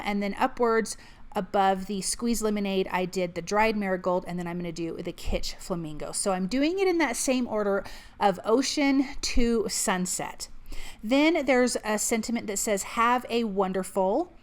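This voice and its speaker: An upbeat, chatty woman talks through a card-making tutorial step by step. She sounds like a friendly crafting host explaining her process as she works. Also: mid-range voice.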